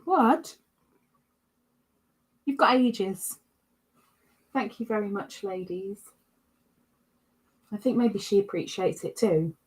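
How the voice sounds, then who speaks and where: Woman, livestream host; relaxed, rambling chat through viewer comments, slow delivery. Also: mid-range voice. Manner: chatty, rambling, frequent "um"s.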